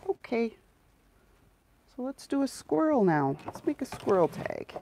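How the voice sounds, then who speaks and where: Slow, gravelly woman chatting while crafting. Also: fairly high pitch, big pitch swings, mellow. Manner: chatty, sarcastic, talks to herself while working. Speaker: crafting livestream host. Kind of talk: casual crafting chat to live viewers. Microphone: close mic.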